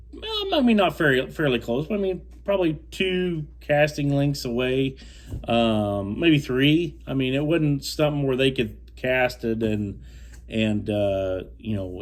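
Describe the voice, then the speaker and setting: Indignant young man telling a fishing story. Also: medium pitch. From United States. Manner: rambling, with many restarts and repeated words; indignant, firm. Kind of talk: casual storytelling to camera.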